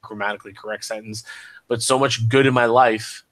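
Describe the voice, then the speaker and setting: Chatty joking man on video call, bright tense tone, flat delivery. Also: on the low side, fairly quick. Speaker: participant. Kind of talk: casual chat.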